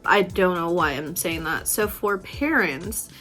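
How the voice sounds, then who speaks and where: A woman's voice: on the low side, unhurried, faint music behind. Candid, profane woman vlogger. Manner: candid, profane, laughs often, swings between loud and soft. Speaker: beauty vlogger. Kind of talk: casual motivational talk while doing makeup.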